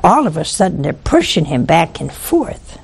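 A woman's voice: on the low side, big pitch swings, normal speed, creaky, slightly rough. A woman speaking on a religious broadcast, telling a story in an earnest, emphatic way and repeating lines for effect. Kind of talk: preachy storytelling talk.

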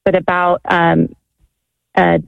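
A woman's voice: lowish voice, completely flat delivery, takes it slowly, vocal fry, smooth, no echo. A woman calling in to a radio show, telling her story in a chatty, rambling way with lots of fillers. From California. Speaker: caller. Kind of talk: phone call to a radio show. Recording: tinny phone line.

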